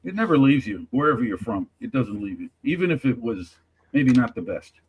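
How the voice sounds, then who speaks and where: A man on a chat panel speaking in a measured, slightly formal way with frequent pauses. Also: mid-range voice, very animated, narrow, tinny audio, slight background noise. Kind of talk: casual chat.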